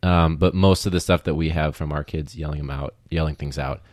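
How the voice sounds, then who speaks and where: A young man hosting a casual podcast, rambling with lots of fillers and quick laughs. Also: rumbling low, fairly even intonation, darkish tone, no room sound, studio quality. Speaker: podcast host, teacher.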